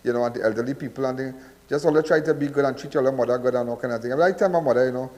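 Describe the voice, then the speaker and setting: A man's voice: medium pitch, rapid-fire, darkish tone, big-room sound. A Trinidadian man hosting a live call-in crime show, talking in a rambling, repetitive, preachy way. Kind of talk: live call-in radio talk.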